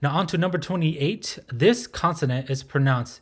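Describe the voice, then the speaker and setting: A man teaching a language lesson, who patiently demonstrates sounds and repeats them slowly, checking in with "right?". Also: a little high. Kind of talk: recorded lesson.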